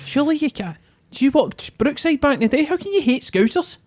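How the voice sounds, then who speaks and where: A man whose voice sits high and swings up and down as he teases the others with quick banter. It is loose, casual studio chat. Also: sing-song. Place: podcast studio.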